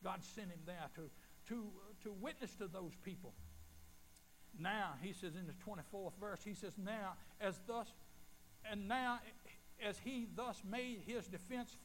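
Older preacher, folksy and high. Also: male voice, a little slow, a bit bright, a little hiss or hum, poor audio. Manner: folksy, storytelling preacher with rising, emphatic calls. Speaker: pastor. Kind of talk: sermon. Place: church.

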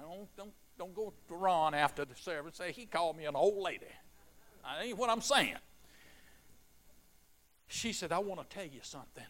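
A middle-aged man preaching a sermon, telling stories quietly and then rising to shouted fervor. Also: sits high.

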